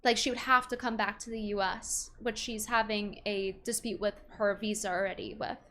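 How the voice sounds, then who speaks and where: A woman's voice: mid-range voice, fairly even intonation, moderate pace, bright, forceful tone. A young woman streamer chatting casually, reading viewer messages aloud and reacting bluntly.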